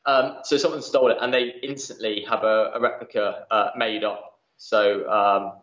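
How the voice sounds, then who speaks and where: A man, a museum manager, talking as a guest on a history podcast in a chatty way, often pausing on "uh". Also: on the low side, steady tone, a bit bright, roomy sound, muffled recording. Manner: chatty, lots of "uh" fillers. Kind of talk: casual interview chat.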